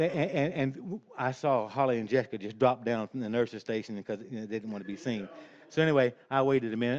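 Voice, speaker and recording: An older man telling a rambling, folksy personal story, chuckling along as he goes. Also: medium pitch. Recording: dull lo-fi recording.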